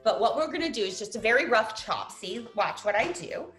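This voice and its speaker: Lively, animated woman teaching a cooking class. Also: fairly high pitch, brisk, roomy sound, over music. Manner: chatty, playful, laughing often. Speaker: cooking show host. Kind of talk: casual cooking demonstration over video call.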